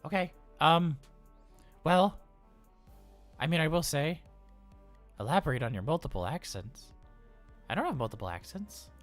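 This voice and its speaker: A man's voice: fairly high pitch, lively intonation, measured pace, long pauses, faint music behind. A man voicing an anxious, cheerful male robot daycare attendant on a live role-play stream, chatty and flustered, rambling with stammers. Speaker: livestream role-player.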